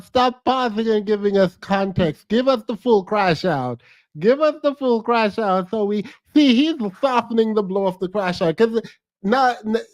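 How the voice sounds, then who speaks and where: High pitched guy reacting to a clip, bouncy voice, teasing and frank, dry close mic. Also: a little mellow, no room sound. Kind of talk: casual reaction commentary.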